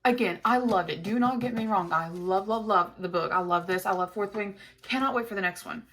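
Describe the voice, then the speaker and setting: A woman book vlogger in casual chat to the camera, chatty and animated, gushing over her reads. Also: medium pitch, a little fast, hardly any pauses, a little hiss or hum.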